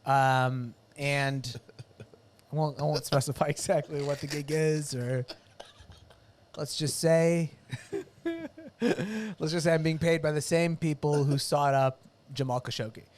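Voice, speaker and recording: A man with a somewhat high voice, trading sarcastic jokes on a comedy podcast. He riffs quickly and breaks into mock-angry rants, speaking close to a studio microphone. He is from the United States. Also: slight background noise. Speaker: podcast co-host. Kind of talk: casual comedic podcast banter.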